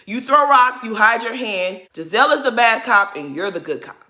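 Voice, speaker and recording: Blunt, sassy woman vlogger, bright voice. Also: fairly high pitch, animated, normal speed. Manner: blunt, sassy, talks straight to the cast. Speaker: reality TV reaction vlogger. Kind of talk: casual reaction commentary.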